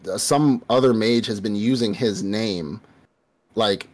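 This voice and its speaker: A man's voice: on the low side, measured pace. A man co-hosting a podcast, telling an anime plot in loose, profane casual chat and acting out the characters' lines. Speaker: podcast co-host.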